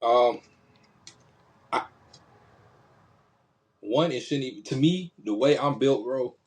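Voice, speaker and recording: A man's voice: medium pitch, slow pace. A man co-hosting a casual podcast who gives firm, emphatic opinions. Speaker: podcast co-host.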